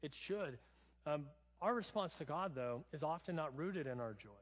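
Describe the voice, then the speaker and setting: A man's voice: on the high side, lively intonation, normal speed. A male pastor preaching a sermon in a casual, chatty way with touches of humor. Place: church sanctuary. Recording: long church hall reverb.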